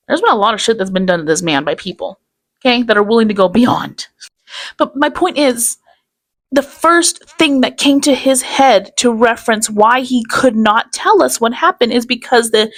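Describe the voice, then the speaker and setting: A woman talks through a casual reaction commentary in a slightly higher voice. She is chatty and sarcastic and keeps breaking into laughter. She speaks as the host of her own channel.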